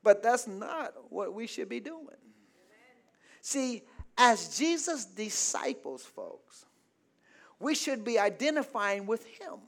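A male pastor preaches with a very high, bright, forceful voice. He delivers a call-and-response sermon, urging the congregation to say amen and to fill in the missing words. His delivery climbs into shouted declarations. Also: sing-song, slow pace. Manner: preaching with calls of "say amen, somebody" and rising shouts. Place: church.

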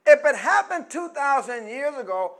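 A middle-aged man preaching a sermon, prompting the congregation to finish his phrases and swinging between quiet teaching and loud, emphatic preaching. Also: extremely high pitch, sing-song, normal speed.

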